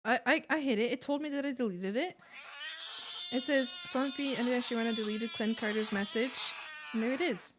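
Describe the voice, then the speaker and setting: A woman's voice: a little high, normal speed, background noise. A young woman streaming, chatting casually with her viewers, giggling, apologizing and rambling with lots of fillers.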